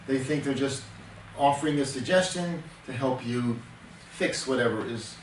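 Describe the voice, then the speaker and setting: This older man, a temperament counselor, teaches in a counseling session at a normal speed with a mid-range voice. He is earnest, relies on everyday examples, and restarts many times, and the distant mic picks up an echoey room and faint noise.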